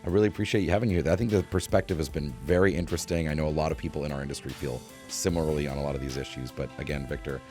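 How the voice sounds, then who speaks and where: A man hosting a podcast, interviewing a guest and briskly signing off the episode. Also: a bass voice, steady tone, a little mellow, faint music behind. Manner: brisk, with short acknowledgments. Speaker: podcast host.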